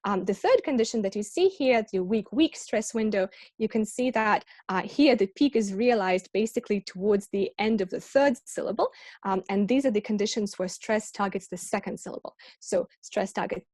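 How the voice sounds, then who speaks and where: A woman's voice: medium pitch, normal speed, darkish tone, no echo, clean studio sound. A woman lecturing at an academic colloquium, explaining step by step with frequent ums and small self-corrections.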